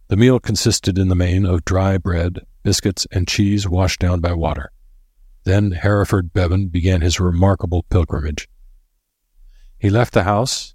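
Deep husky man narrating a story. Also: no echo, clean studio sound. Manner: steady measured reading. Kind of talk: audiobook narration.

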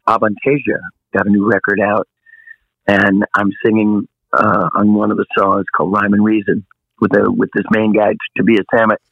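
A man's voice: fairly low pitch, no room sound, lo-fi sound. Rambling, jokey male singer on radio. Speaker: guest singer. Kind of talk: casual radio interview chat.

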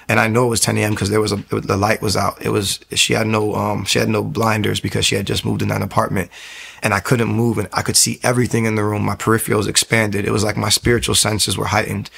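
A man in his twenties telling his personal testimony in an earnest, emotional way, halting often and restarting his sentences. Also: lowish voice, creaky, a bit bright, slightly rough. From New York area.

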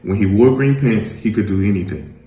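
A man reading a children's picture book aloud in a gentle, measured storytelling manner. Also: fairly low pitch, animated, roomy sound, a little hiss or hum, poor audio. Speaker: reader.

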